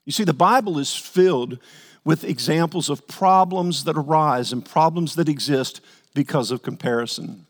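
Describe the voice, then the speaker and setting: A man's voice: on the high side, expressive, normal speed. A male pastor preaching a sermon earnestly, repeating words as he builds his points and acting out the quotes. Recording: long hall reverb.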